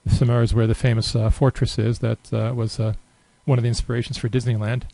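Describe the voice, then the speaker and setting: A man walks through a software tutorial in a relaxed, unscripted screen recording, thinking out loud and using lots of fillers. He talks briskly at a medium pitch with a creaky quality, and the dry recording has poor audio.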